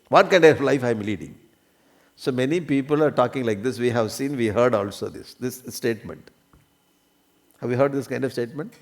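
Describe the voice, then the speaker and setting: A man's voice: medium pitch, moderate pace. Man giving a spiritual discourse. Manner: checks understanding often, coughs now and then. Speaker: spiritual teacher. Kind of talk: religious discourse.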